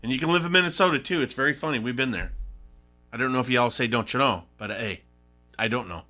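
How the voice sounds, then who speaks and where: A man's voice: mid-range voice, quick pace, pushed and bright, faint music behind. A middle-aged man hosting a sports talk radio show, in casual, rambling and indignant banter.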